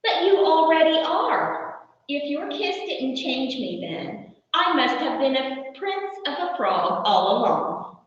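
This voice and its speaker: Lady doing a high squeaky little boy frog, all excited and wide-eyed, lots of bounce, far off in a big echoey room. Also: slow pace, exaggerated voice. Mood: puzzled. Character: eager young male frog, innocent and hopeful. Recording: far-off echoey hall, muffled.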